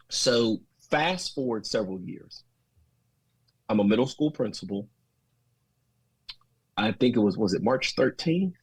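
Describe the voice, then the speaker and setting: A man in his thirties with a Southern US accent, a podcast guest telling folksy, animated stories in casual interview talk. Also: mid-range voice, unhurried, pauses often, husky, no echo, poor audio. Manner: folksy, animated, quotes others in lively voices. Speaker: podcast guest, school administrator.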